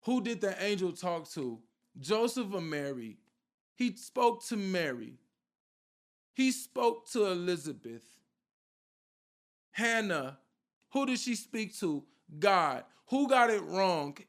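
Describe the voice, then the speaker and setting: A man's voice: high voice, sing-song, slow, pauses often, a bit bright. A man preaching an informal sermon with fervour, firing rhetorical questions at his listeners and repeating a question for emphasis.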